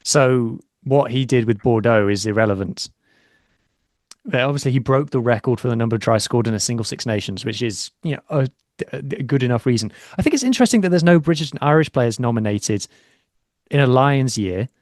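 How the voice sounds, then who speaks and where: A man's voice: medium pitch, expressive, a little fast, darkish tone, no echo. Chatty man, dry close sound. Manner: chatty, self-deprecating. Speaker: podcast co-host. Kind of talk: casual chat.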